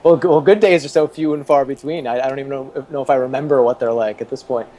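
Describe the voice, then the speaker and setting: 30s guy rambling thru stories, chuckles, average pitch. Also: fast talker, warm tone, slight background noise. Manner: rambling, many restarts, chuckles often. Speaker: interview guest, former TV producer. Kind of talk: casual storytelling in an interview.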